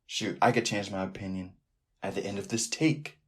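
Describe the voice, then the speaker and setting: A man hosting a sports podcast alone, talking in a loose, animated way that keeps drifting off into tangents. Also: fairly low pitch, moderate pace. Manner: rambling, animated, riffs off on tangents. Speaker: podcast host. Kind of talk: casual sports podcast monologue.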